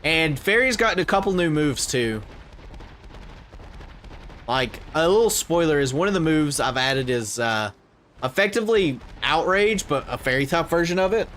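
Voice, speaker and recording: A man chatting casually on a game stream, thinking aloud with lots of fillers and letting his phrases trail off quietly. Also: a little high, lively intonation, moderate pace, slight background noise. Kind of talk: casual gaming livestream chat.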